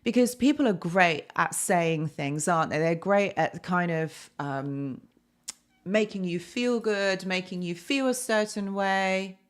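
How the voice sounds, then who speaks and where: A woman's voice: lowish voice, a little slow. A woman hosting a live stream, talking casually to her chat, with many fillers and tag questions.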